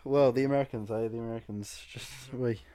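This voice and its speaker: A man's voice: medium pitch, fairly even intonation, fast talker, dark tone. A young man hosting a casual podcast, playful and teasing, swearing freely. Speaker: podcast host. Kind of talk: casual joking podcast chat.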